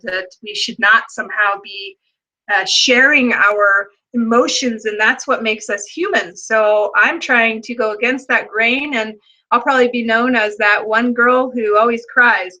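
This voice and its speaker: A young adult woman hosts a spiritual healing show, her tone bright and her voice a bit high. She talks in an earnest, emotional way with plenty of fillers. She guides her listeners gently through a meditation. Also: poor audio. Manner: slow, deliberate chanting of number codes. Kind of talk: guided meditation and casual talk.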